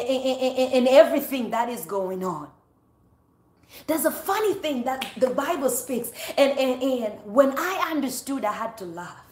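A woman's voice: fairly high pitch, reverberant. A woman preaching a podcast sermon who repeats phrases for emphasis and breaks into laughs.

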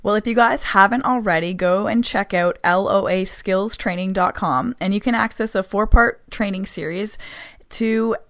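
A woman's voice: mid-range voice, moderate pace, dry recording, studio quality. A woman co-hosting a podcast as a coach, chatting casually in a bubbly way and laughing often. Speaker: podcast co-host, law of attraction coach. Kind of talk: casual chat.

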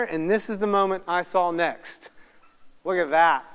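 A man giving a sermon at an evening Bible study, telling a personal story in an animated way and then praying. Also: high-pitched, measured pace, clean tone. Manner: animated storytelling, laughs at himself. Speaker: guest preacher. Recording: reverberant hall sound.

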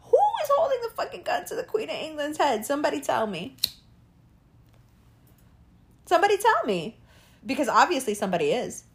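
A young woman hosting a casual monologue, profane and animated, often laughing and asking rhetorical questions. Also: high voice, quick pace, few pauses.

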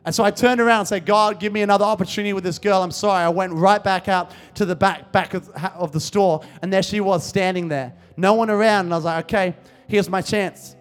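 A man's voice: high voice, fairly even intonation, a little fast, few pauses. A young man preaching a sermon, telling a story and then building to fervent, impassioned exhortation. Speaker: youth preacher.

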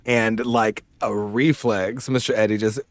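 Fast-talking laughing man recapping a show. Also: fairly low pitch, dry recording. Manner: animated, laughing storyteller, rapid and profane. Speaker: podcast co-host. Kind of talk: casual chat recapping a TV episode.

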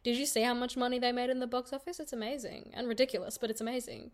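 A woman's voice: fairly high pitch, steady tone. A woman hosting a podcast, playful and giggly in casual chat. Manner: playful, giggly, drawn-out words. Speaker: podcast host.

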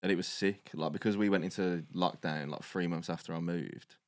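Deep-voiced man telling stories. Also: fairly quick, dry recording. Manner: animated storyteller, swears freely, British slang. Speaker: podcast co-host. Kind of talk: casual chat.

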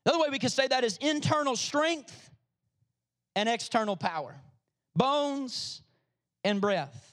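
A man's voice: very high-pitched, animated, normal speed, a bit bright. A man preaching a sermon to his congregation, reading scripture and calling on listeners to respond. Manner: preaching with rising emphasis, calls on the congregation. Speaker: pastor.

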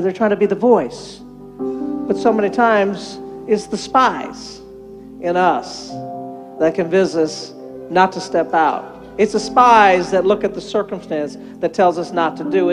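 An older pastor preaches a sermon in a large hall, telling a story with animated flair and acting out the quotes. His voice is very high.

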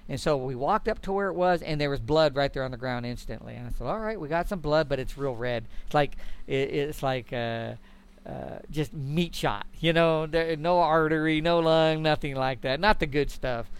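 Middle aged guy telling a hunting story, kinda high voice, folksy, acts out the quotes. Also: moderate pace, clean tone. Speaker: guest elk hunter. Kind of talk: storytelling in conversation.

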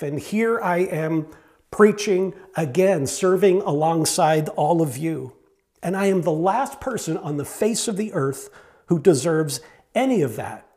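A man's voice: a little high, gravelly, warm tone. A male pastor preaching a sermon in an earnest, conversational way, repeating phrases for emphasis and speaking candidly about himself. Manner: candid, self-deprecating.

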